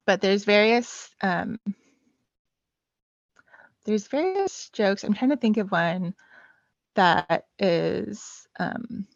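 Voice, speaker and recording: A woman's voice: mid-range voice, lively intonation, very slow, creaky, long pauses, dry recording. A woman chatting casually as a podcast guest, hesitant and full of filler sounds. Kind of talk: casual chat. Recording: dull lo-fi dry sound.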